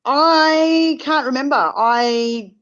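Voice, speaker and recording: A woman's voice: high voice, extremely slow, a bit bright, lo-fi sound. A woman, a podcast guest chatting casually and hesitating as she recalls things. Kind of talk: casual chat.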